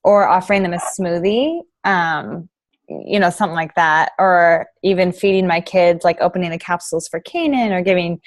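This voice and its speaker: A woman's voice: fairly low pitch, normal speed, no room sound. A woman with a slight Southern accent from Alabama, chatting casually on a team video call. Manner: relaxed, chatty, uses y'all.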